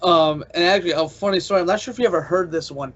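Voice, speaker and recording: A man's voice: high voice, rapid-fire, a bit bright, slight background noise. Eager man hosting, lo-fi sound. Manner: eager, filler-heavy, laughs along. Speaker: podcast host. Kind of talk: casual interview chat. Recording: dull lo-fi podcast audio.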